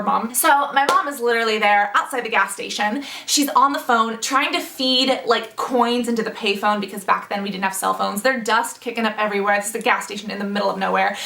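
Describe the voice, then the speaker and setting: A young woman telling a funny family story in a storytime vlog, with lively, animated delivery. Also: on the high side, vocal fry. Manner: animated, acts out family members' voices. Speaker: beauty vlogger. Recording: roomy echo, mic at a distance.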